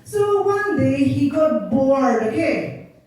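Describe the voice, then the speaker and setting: A woman teacher tells a story to a class of children, stopping to explain words. Her voice is high and mellow, and she speaks at an unhurried pace. It rings around an echoey classroom and is heard from some distance. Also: big pitch swings. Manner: slow and explanatory, defining words. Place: school classroom.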